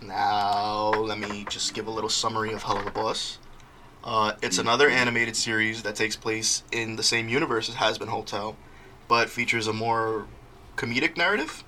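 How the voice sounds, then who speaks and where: A young man hosting a casual podcast, telling stories in an animated way and often laughing. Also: lowish voice, normal speed, slight background noise. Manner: laughing, animated storytelling with quoted voices. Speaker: podcast host.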